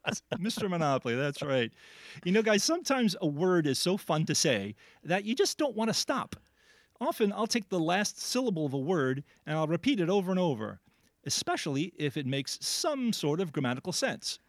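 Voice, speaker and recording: Quiz host, male, playful and jokey, lively pitch, dry studio sound. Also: moderate pace, no room sound. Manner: animated, jokey, laughs often. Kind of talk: playful radio word quiz.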